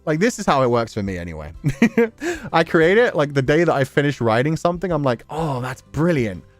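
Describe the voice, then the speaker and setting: A man's voice: on the high side, very animated, brisk, soft background music. A man hosting a livestream, chatting loosely with viewers, full of fillers and frequent laughter. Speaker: livestream host. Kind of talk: casual livestream chat reading viewer messages.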